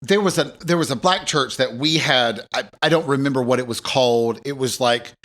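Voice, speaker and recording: A man's voice: medium pitch, fairly quick, a bit bright. A man co-hosting a podcast, chatting casually in an amused, rambling way with lots of fillers. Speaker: podcast co-host. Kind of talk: casual chat.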